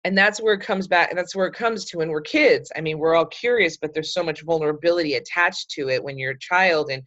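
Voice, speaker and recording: A chatty, enthusiastic middle-aged woman with a fairly low voice leads a group discussion over a video call. She is heard on dull, slightly muffled audio. The sound is dry and close, with no room echo. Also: fairly quick, a bit bright. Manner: chatty and enthusiastic, with many fillers. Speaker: group leader hosting a book club call. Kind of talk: casual group talk.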